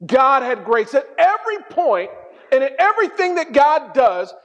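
A middle-aged man preaching a sermon, telling stories in an animated, humorous way. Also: very high-pitched, normal speed. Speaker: pastor. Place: church hall. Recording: dull sound in a reverberant hall.

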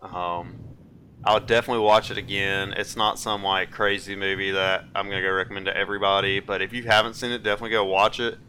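A man in his twenties co-hosting a casual movie-review podcast, telling stories in an animated way and laughing often. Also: low voice, fast talker, slight background noise. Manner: animated storyteller who acts out quotes and laughs often. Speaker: podcast co-host.

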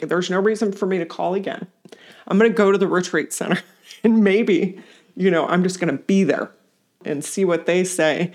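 A woman telling a personal story to a meditation community, animated, acting out what others said and laughing along the way. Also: fairly low pitch. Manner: animated retelling with acted-out quotes and laughs. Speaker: community member sharing practice.

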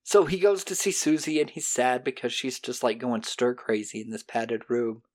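A podcast host casually recapping an episode, animated and profane, dropping into quick character voices. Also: mid-range voice.

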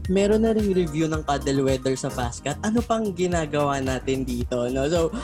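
A man's voice: on the high side, animated, fairly quick, music in the background. A man hosting a podcast, chatting in an upbeat, casual way and mixing Tagalog and English. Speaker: podcast host.

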